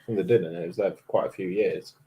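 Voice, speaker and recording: A man's voice: sits low, fairly even intonation, fast, dark tone, a little hiss or hum. A man co-hosting a casual livestream, trading cheeky jokes and banter. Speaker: livestream co-host. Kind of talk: casual chat.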